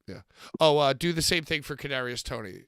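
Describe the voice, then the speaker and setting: A man co-hosting a casual podcast chat, loud and joking, swearing freely as he banters. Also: medium pitch, expressive, a little fast, clear, resonant tone, no echo, clean studio sound. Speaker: podcast co-host.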